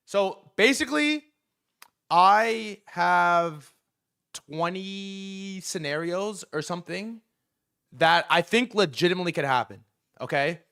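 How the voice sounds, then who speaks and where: A young man hosting a casual livestream about markets, talking in an excitable, profane and rambling way with lots of fillers. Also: sits high, takes it slowly, clear, resonant tone. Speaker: livestream host.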